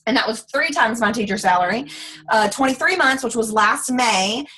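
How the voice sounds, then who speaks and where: A woman in her late twenties, a former teacher telling her story in a bubbly, chatty, animated way. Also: a little high, normal speed, breathy edge, rough recording. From Texas. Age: 20s. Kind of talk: casual testimonial talk.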